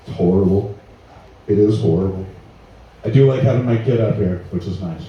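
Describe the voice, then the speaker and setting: A man's voice: mid-range voice, fairly quick, dull audio. A man in his thirties from Canada doing a profane, rambling, self-mocking stand-up comedy set at a small live venue. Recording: echoey room, distant mic, faint ambience.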